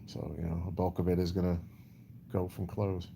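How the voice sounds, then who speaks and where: A man's voice: deep voice, level tone, moderate pace, gravelly, warm tone, a little hiss or hum. A man hosting a casual livestream, answering chat comments in a rambling way, full of "you know". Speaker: livestream host.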